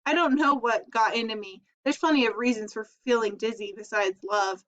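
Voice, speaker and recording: A woman's voice: on the high side, fairly quick, fairly bright tone, close to an everyday voice. Woman reading a wisecracking young boy. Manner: joking, sarcastic. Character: wisecracking boy, about twelve. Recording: dull lo-fi recording.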